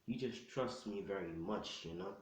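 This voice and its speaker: A man's voice: deep voice, moderate pace, roomy sound, far from the mic, a little hiss or hum, lightly acted, poor audio. A man voicing a nervous, bashful teenage boy who stammers and pleads. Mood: sheepish.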